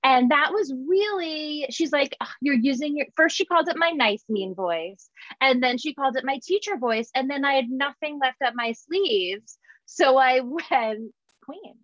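A woman hosting a podcast in casual, chatty talk, laughing often and slipping in quick asides. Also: high voice, animated, fairly bright tone, dry recording. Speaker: podcast host. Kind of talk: casual chat. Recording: dull, lo-fi sound.

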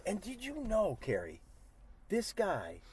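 Middle-aged male TV host, fairly high, animated voice, joking storyteller chatting in a car. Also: takes it slowly, a crowd in the background. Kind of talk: casual chat. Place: inside a car.

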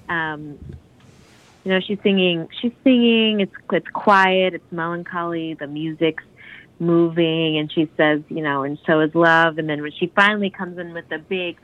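A woman's voice: lowish voice, a little slow, narrow, tinny audio. A woman gushing about a song in casual podcast chat, rambling with lots of "like"s and restarts.

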